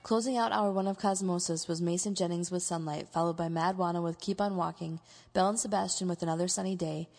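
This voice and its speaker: A woman working as a radio DJ, reading back a playlist in a steady announcer delivery. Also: on the low side, vocal fry, in a large hall.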